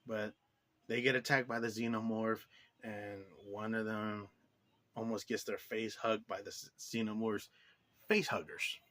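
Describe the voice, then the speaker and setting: A man's voice: lowish voice, flat delivery, measured pace, a bit bright. A man giving a casual, rambling movie review, full of "like" fillers and blunt swearing. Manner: rambling, heavy use of "like" fillers; blunt and profane.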